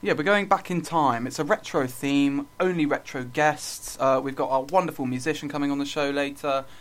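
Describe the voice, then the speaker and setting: Deadpan male podcast co-host who keeps stumbling over his words. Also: fairly high pitch, normal speed. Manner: deadpan, stammering restarts. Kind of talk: absurdist comedy podcast chat.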